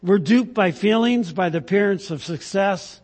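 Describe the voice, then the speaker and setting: High-voiced pastor in an echoing hall. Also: male voice, a little mellow. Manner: halting, many fillers, tag questions like "right?". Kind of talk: sermon with a told joke. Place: church.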